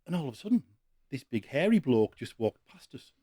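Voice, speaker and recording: A man, a podcast guest, telling self-mocking anecdotes in a casual, animated way. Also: mid-range voice, a little fast. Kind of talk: casual storytelling.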